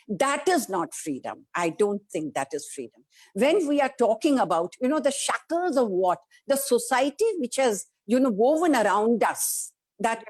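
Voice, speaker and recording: A woman's voice: a little high, very animated, moderate pace, slightly rough. A woman with an Indian English accent, an actress giving an emphatic interview answer with rhetorical questions and acted-out quotes of other people. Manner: acts out quoted voices of family and society.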